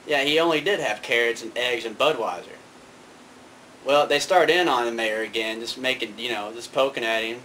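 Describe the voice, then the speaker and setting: A man spins a long, loose story in an everyday voice of middle pitch. He rambles, doubling back and padding with fillers as he goes. Faint noise sits behind him. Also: pushed and bright, rough recording. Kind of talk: casual spoken anecdote.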